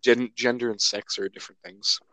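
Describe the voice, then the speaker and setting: A man's voice: medium pitch, steady tone, brisk, pushed and bright, no echo, rough recording. A young man co-hosting a casual podcast, joking around in a goofy way. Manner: goofy, joking, recites a comic song. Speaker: podcast co-host.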